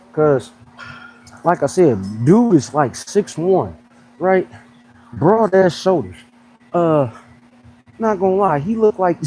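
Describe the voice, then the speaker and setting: A young man with a fairly high voice that leaps all over the place as he jokes around. His talk is loose and slangy, in the easy flow of a casual livestream chat. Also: a little hiss or hum, low-quality recording. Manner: animated, joking, slangy. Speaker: fitness coach and pro bodybuilder.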